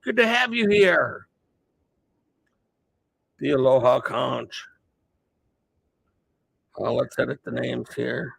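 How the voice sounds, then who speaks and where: A man's voice: mid-range voice, slow pace, vocal fry, long pauses, a bit bright, husky, no room sound. A man hosting a casual livestream, chatting with viewers by name and calling a mock race. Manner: chatty, greets viewers by name, thinks aloud. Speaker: livestream host.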